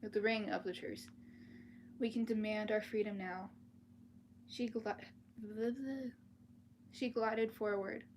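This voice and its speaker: At home on a livestream, with dogs outside the door, a woman reads a fantasy novel aloud in a casual, chatty way and adds asides for the chat. She restarts words and apologizes for it. Her mid-range, darkish voice moves slowly with long pauses and fairly even intonation, over a little hiss or hum.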